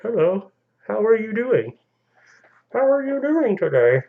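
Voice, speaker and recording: A man putting on the voice of a dopey, drowsy female dog, pitched way up in a silly sing-song. The voice climbs high and sounds sleepy and goofy. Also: big pitch swings, unhurried, vocal fry, phone-quality sound, exaggerated voice.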